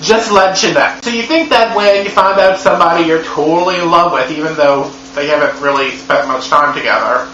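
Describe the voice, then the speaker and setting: A man reviewing a movie in a sassy, profane, animated comedy recap. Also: a little high. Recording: echoey room, dull lo-fi sound, faint hum.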